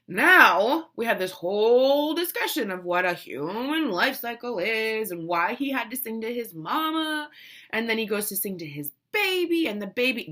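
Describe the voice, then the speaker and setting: Animated woman telling an emotional story. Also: a little high, normal speed. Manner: animated, emotional, lots of restarts and quoted voices. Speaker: mother telling a family story. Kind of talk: casual storytelling to camera.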